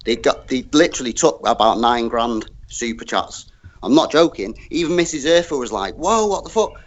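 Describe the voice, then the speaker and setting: A man talking as a guest on a live chat panel, animated, slangy and full of swearing. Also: medium pitch, normal speed, highs cut off. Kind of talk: casual chat.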